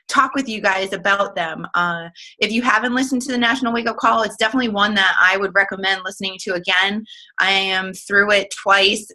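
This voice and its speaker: A woman's voice: medium pitch, sharp tone, poor audio. A woman leading a casual online team call, chatty and giggly, with plenty of fillers. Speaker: team leader hosting a coaching call. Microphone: online group call.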